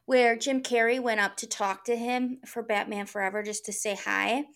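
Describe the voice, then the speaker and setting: A woman's voice: on the high side, fairly even intonation, normal speed, creaky, fairly bright tone. A woman co-hosting a podcast in casual chat, blunt and opinionated and often laughing. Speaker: podcast co-host.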